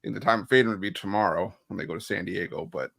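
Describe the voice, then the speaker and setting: A man giving casual sports betting picks, joking around with quick asides. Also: sits low, gravelly, fairly bright tone.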